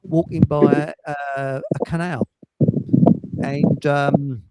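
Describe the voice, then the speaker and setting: A man's voice: fairly high pitch, fairly even intonation, takes it slowly, heavy background noise. A man hosting a livestream chat show, rambling and cheeky, swearing and laughing at his own jokes. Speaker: livestream host. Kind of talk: casual chat.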